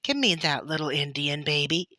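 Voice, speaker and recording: A woman voicing a small pioneer girl who begs and cries, her voice pitched well above her own. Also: animated, moderate pace, bright, forceful tone. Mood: longing. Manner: begging, tearful. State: crying.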